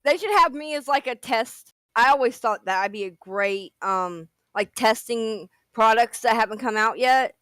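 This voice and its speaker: A woman's voice: fairly high pitch, expressive, moderate pace, hardly any pauses, a bit bright, no echo. A young woman co-hosting a casual chat, playful and chatty with lots of 'like'. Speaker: co-host.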